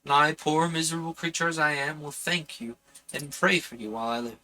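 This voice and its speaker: A man's voice: a little high, fairly quick, sharp tone. A man reading aloud the pleading letter of a desperate poor young woman, in his own plain voice, tearful in tone.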